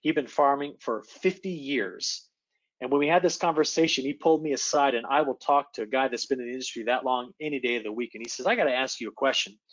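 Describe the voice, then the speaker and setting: A man, an atmospheric scientist, giving an animated forecast presentation in a virtual meeting, often checking in with his audience. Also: mid-range voice, lo-fi sound. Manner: animated, engaging, addresses audience with quick checks. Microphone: video call.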